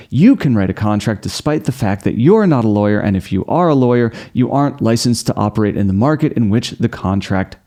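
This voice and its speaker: A man hosting a scripted explainer, talking through contract myths with wry, sarcastic asides and sudden jumps in pitch. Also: mellow. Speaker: host.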